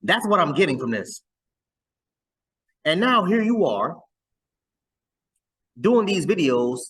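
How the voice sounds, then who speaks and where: A man's voice: sits high, sing-song, takes it slowly, fairly bright tone, slightly rough, rough recording. A man hosting a reaction video, chatting casually and often repeating words as he stumbles through his thoughts.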